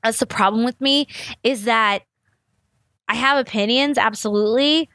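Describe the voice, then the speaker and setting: In a dry recording, a young woman with a slightly high, fairly bright voice talks at normal speed on her podcast. She rambles through casual stories, swears liberally, and voices the people she quotes in a big, animated way.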